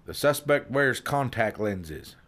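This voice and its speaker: Man putting on a deadpan trainee guy, slow, guttural. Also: mid-range voice. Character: deadpan male detective trainee.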